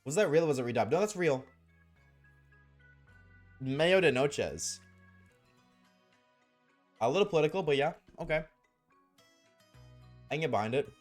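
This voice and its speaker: A man's voice: fairly high pitch, lively intonation, a little slow, long pauses, faint music behind. A man streaming live, chatting casually and joking with his viewers, often laughing.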